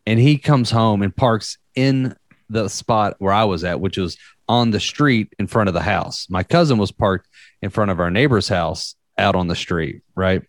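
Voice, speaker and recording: A man's voice: lowish voice, normal speed, no echo. A young man telling a story in casual chat, rambling and profane, with many fillers.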